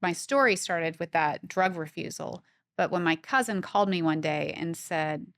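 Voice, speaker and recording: A woman guest on a podcast, telling stories in a brisk, opinionated way during casual chat. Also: on the low side, no echo, studio quality.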